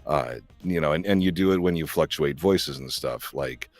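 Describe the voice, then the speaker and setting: Very deep-voiced man chatting casually. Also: normal speed, faint music behind. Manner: chatty, rambling explanations with many fillers. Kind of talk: casual chat.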